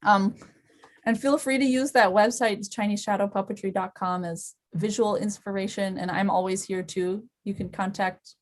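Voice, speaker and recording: A woman's voice: medium pitch, steady tone, moderate pace. A woman leading an online puppetry workshop over a video call, bubbly and encouraging, chatting easily with her students. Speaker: workshop instructor.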